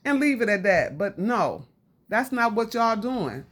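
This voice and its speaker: A woman's voice: a little high, sing-song, a little slow. A woman vlogger giving a casual, slangy commentary rant straight to camera, scolding her audience and repeating lines for emphasis.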